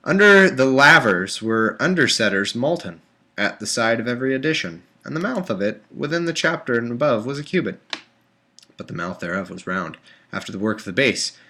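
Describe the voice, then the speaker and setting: Animated, bright-voiced sarcastic man reading aloud. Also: medium pitch, brisk. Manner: exasperated, sarcastic, animated rants between flat reading. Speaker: livestream host reading scripture aloud. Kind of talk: casual live-stream reading with sarcastic commentary. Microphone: webcam or desktop mic.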